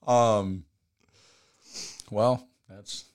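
An easygoing man with a fairly low voice, chatting casually on a podcast. He tells stories about himself with a self-mocking, relaxed touch. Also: extremely slow. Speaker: podcast co-host. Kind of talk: casual chat.

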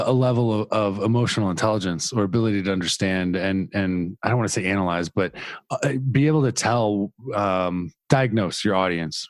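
A man's voice: fairly low pitch, no echo. A man hosting a podcast interview, thinking aloud and searching for his words. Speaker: podcast host. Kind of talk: casual interview chat.

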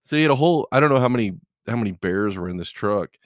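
A man's voice: lowish voice, expressive, fast, slight background noise. A middle-aged man, a truck driver, chatting casually and telling rambling stories full of "you know". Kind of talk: casual chat.

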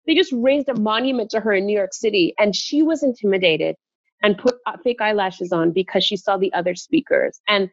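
Brief: woman guest, storyteller, slightly high voice, dull and dry recording. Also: no echo. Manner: expressive, laughs while telling stories. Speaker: guest speaker. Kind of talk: animated storytelling in conversation. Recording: dull, dry, muffled sound.

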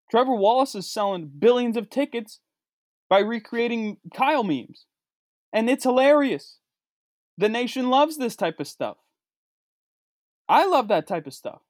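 A man delivering a sarcastic comedic rant, swinging between low mutters and high outbursts. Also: no echo, studio quality. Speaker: comedic vlogger.

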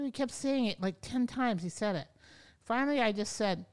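Smooth-voiced woman telling a story. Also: a little high, moderate pace. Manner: lively, acts out her own past words. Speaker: yoga teacher, podcast guest. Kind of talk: conversational storytelling. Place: podcast studio.

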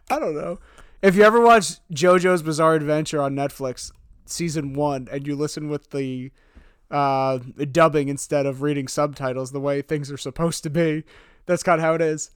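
A woman's voice: low voice, moderate pace, smooth, dry recording, studio quality. A woman co-hosting a casual recap podcast, rambling and making fun of herself. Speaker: podcast co-host.

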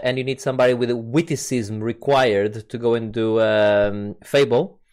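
A man hosting a casual podcast over a video call. He rambles, trips over his words and repeats himself as he talks. His voice sits at an ordinary middle pitch. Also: steady tone, moderate pace, a little mellow. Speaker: podcast host. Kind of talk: casual chat. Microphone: mic on a video call recording.

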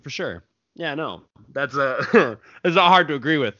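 A man hosts a podcast interview in a fairly high, expressive voice with a sharp tone, speaking at a moderate pace. He rambles through his questions with lots of fillers and frequent laughter. The recording is dry with no echo and has a dull lo-fi sound.

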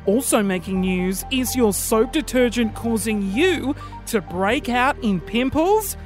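A man's voice: very high voice, lively intonation, unhurried, faint music behind, pitched above the performer's own voice. A man playing a cheery male mock newsreader with chirpy, overly formal delivery.

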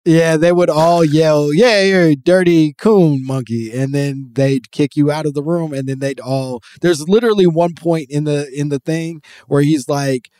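A man's voice: a little high, steady tone, normal speed, few pauses, dark tone, no room sound, clean studio sound. A man hosting a casual podcast chat, explaining at length with many fillers and restarts. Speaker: podcast host.

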